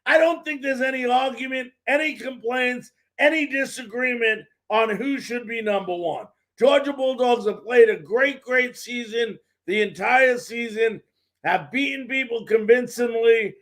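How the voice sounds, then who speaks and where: A man's voice: very high voice, measured pace, a bit bright. A man hosting a live sports talk show, ranting with fired-up frustration and repeating words for emphasis.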